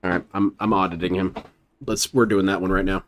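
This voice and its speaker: A man's voice: low-pitched, level tone, brisk, slight background noise. A male host reacting to a stream clip, teasing and sarcastic as he talks over it. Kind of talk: mocking commentary over a clip.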